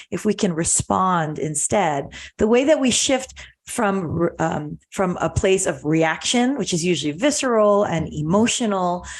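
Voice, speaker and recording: A woman hosting a podcast, calmly explaining ideas in a reflective conversation. She often restarts and repeats words as she thinks aloud. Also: medium pitch. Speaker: podcast host.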